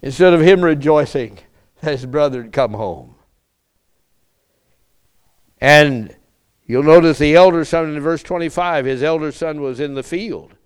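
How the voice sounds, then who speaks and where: A man delivers a sermon in a smooth, resonant voice. He preaches at an unhurried, deliberate pace and stretches out his phrases. He presses his listeners with repeated rhetorical questions. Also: on the high side. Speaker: pastor.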